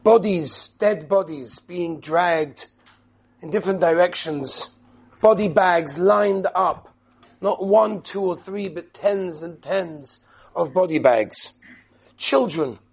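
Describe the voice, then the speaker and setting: A man giving an impassioned sermon in a study hall, speaking with emphatic, dramatic pauses. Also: high voice, gravelly, darkish tone, slightly rough.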